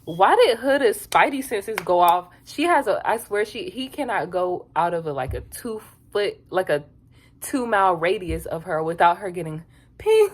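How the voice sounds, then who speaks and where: Woman, lowish voice, sassy laughing reality-show reviewer, casual recap. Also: sing-song, normal speed. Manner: sassy, laughing, chatty asides.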